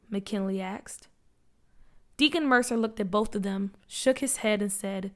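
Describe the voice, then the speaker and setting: A woman narrating a children's story aloud in a lively read-aloud style. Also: medium pitch, a little slow.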